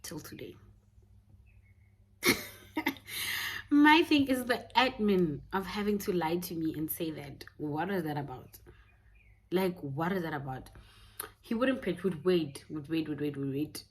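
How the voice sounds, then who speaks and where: A woman's voice: deep voice, lively intonation, unhurried, pauses often. A young South African woman telling a personal story in a candid, casual way, laughing often. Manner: candid, mixing in Setswana phrases, laughing often. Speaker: YouTuber.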